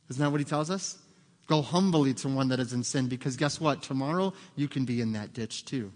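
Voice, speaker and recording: Male pastor, mid-pitched, earnest sermon delivery, long reverb from the hall. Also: fairly quick. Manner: earnest, rhetorical questions, acts out quoted voices.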